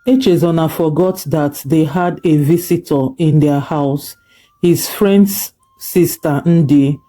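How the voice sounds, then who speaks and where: A storyteller narrating a folk tale in a slow, measured way. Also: medium pitch, dark tone, soft background music.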